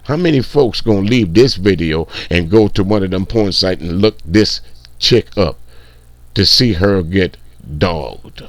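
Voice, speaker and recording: A man's voice: lowish voice, no echo. A man hosting casual reaction commentary, blunt, profane and mocking. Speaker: commentary channel host.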